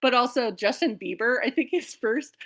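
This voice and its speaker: A woman's voice: on the high side, lively intonation, moderate pace, a bit bright. An American woman co-hosting a book club, talking in a rambling, chatty way that jumps between tangents. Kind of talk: casual chat.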